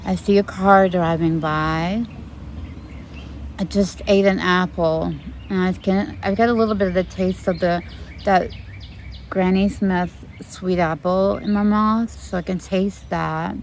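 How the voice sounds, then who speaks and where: A middle-aged woman therapist giving calm instructions, gently demonstrating slow breathing, recorded outdoors in the sun with birds singing in the background. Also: fairly low pitch, a little hiss or hum.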